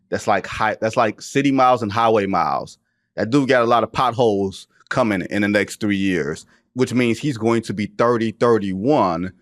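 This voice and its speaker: Joking low-voiced male sports podcast host. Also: no room sound, studio quality. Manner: animated, joking, emphatic slang. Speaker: podcast host, NBA reporter. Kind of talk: casual sports talk.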